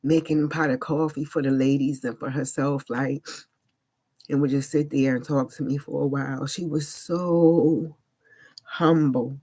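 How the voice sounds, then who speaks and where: A woman's voice: very deep voice, steady tone, unhurried, dark tone, breathy edge. A woman telling a personal story on a vlog in a casual, slangy and emphatic way, with frequent "like" fillers. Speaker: vlogger.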